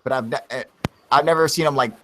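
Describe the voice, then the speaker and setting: A man's voice: mid-range voice, fast, fairly bright tone. A young man hosting a live stream, chatting casually with lots of swearing and "dude". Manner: profane, laid-back, says dude a lot. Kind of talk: casual chat.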